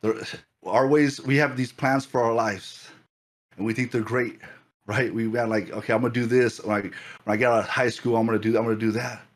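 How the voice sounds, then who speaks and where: A man preaching a fervent sermon as pastor, repeating phrases and building excitement. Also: medium pitch, brisk.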